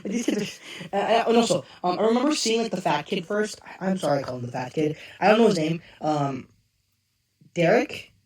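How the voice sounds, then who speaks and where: Hoarse, rambling man on a distant mic. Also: high-pitched, brisk, roomy sound. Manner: rambling and excitable, loses track of names. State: hoarse, strained voice. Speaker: show reviewer. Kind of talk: casual unscripted review.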